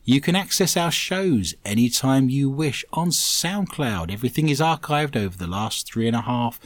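A man's voice: medium pitch, expressive, moderate pace, no room sound. A man hosting a comedic radio show, cracking puns and reading out listener messages. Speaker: host.

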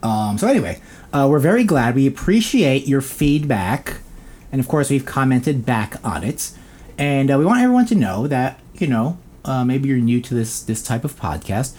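A man's voice: mid-range voice, big pitch swings, normal speed, darkish tone, breathy edge. A man co-hosting a casual podcast, jokey and self-mocking, rambling with lots of fillers. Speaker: podcast co-host.

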